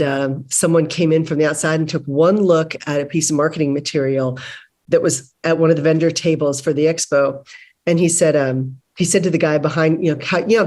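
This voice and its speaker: A middle-aged woman hosting a business webinar, talking conversationally and acting out little dialogues as she tells stories. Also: low voice. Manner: conversational, animated storytelling with acted-out dialogue. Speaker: business consultant and webinar host. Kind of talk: webinar presentation.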